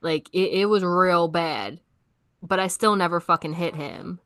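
A woman's voice: lowish voice, a little slow, fairly bright tone, no room sound. A young woman co-hosting a podcast, talking bluntly and emphatically in casual chat, swearing often. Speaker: podcast co-host.

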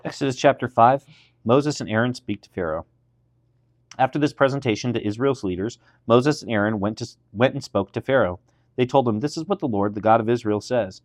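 Male pastor reading Bible passages aloud, low voice, dry close sound, lifts his voice for the dialogue. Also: fairly quick, no echo. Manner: reads aloud, lifting his voice for quoted speech. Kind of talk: scripture reading podcast.

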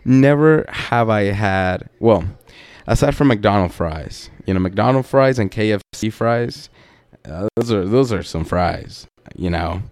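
A man hosts a podcast and tells a story in a loose, profane, laid-back way, slipping in laughing asides. His voice is smooth and clean, and his pace is unhurried. The sound is dry and close. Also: on the low side, animated, darkish tone, dry recording. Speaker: podcast host. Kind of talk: casual storytelling.

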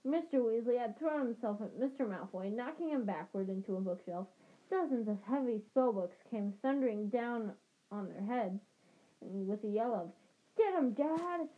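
Amateur female reader, mid-pitched, halting delivery with restarts; muffled, lo-fi recording. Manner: halting, rereads stumbles. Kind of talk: reading a novel chapter aloud.

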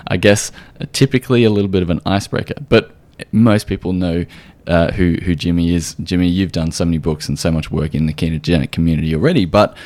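An Australian man hosts a casual podcast interview in a somewhat low voice. He is upbeat and chatty, with plenty of fillers as he goes. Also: steady tone, fast talker, a little mellow. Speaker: podcast host.

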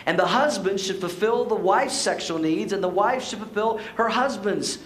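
A man's voice: high-pitched, normal speed, fairly bright tone, roomy sound, poor audio. A man preaching a sermon as pastor to his church, playful and joking, then pressing his points with emphasis. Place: church sanctuary.

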